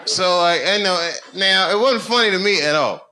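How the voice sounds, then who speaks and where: A middle-aged man performs stand-up comedy at a live venue, telling a story at a moderate pace. He swings animatedly between low muttering and loud punchlines, with crowd noise and audience laughter in the recording.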